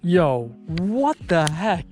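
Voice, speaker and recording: A man in his twenties chatting casually while fishing from a boat outdoors, getting excited whenever a fish bites. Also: high-pitched, extremely slow, faint music behind. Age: 20s. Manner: excitable, chatty, exclaims at every catch. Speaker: fishing vlogger. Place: outdoors on a bass boat on a lake.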